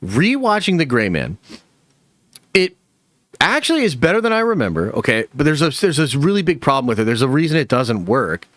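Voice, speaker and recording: A man's voice: medium pitch, sing-song, brisk, fairly bright tone, no echo. A man hosting a movie news channel, giving casual, profane opinion commentary with lots of fillers.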